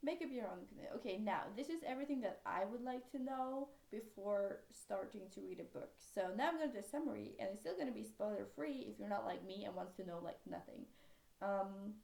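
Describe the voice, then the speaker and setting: Young Norwegian-accented woman, rambling book vlog, gravelly low-energy tone, echoey room. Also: brisk, darkish tone. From Norway. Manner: rambling, sidetracks often, many fillers. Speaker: book vlogger. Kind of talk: casual chat.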